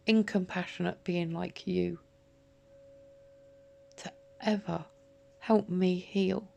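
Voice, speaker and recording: Speaking straight to camera, a woman vlogger delivers a bitter, confrontational, profane monologue aimed at someone who isn't there. Her voice is lowish, creaky and darkish, and the piece is an emotional direct-to-camera rant.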